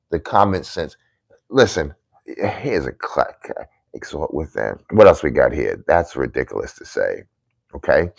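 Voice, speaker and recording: A man's voice: a bass voice, vocal fry. A male political commentator on a livestream, reading viewer comments aloud and answering them in a combative, scolding way, hammering his points in repeated lists. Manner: combative, scolding, calls critics dummies; repetitive emphatic lists.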